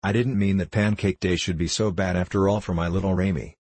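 Storybook role: man doing a tender, patient peasant mother; low, husky, dry sound. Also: steady tone, a little fast, darkish tone, no room sound. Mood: tender coaxing. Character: kindly peasant foster mother, gentle, warm. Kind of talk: audiobook character reading.

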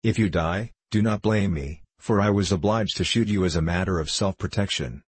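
A man voicing a brave, polite young soldier in a storybook, speaking calmly and firmly. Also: low-pitched, normal speed, husky, dry recording. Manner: calm, firm and courteous.

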